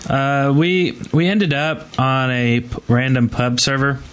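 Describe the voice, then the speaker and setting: A man's voice: mid-range voice, measured pace, a bit bright, smooth. A young man co-hosting a gaming podcast, telling stories in a rambling, upbeat, self-interrupting way. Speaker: podcast co-host. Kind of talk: casual podcast chat.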